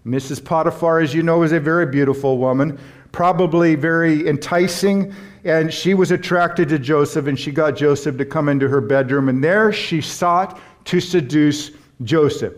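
A man delivers a sermon in a slightly high voice, hammering home key words and pausing for emphasis. He mixes earnest preaching with light humorous asides. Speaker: pastor.

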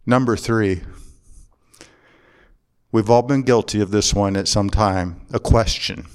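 A man preaching a sermon as a pastor, earnest and deliberate, slowing down and pausing to press his points home. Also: on the low side, a little mellow, clear, resonant tone. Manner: earnest preaching with slow emphatic pauses.

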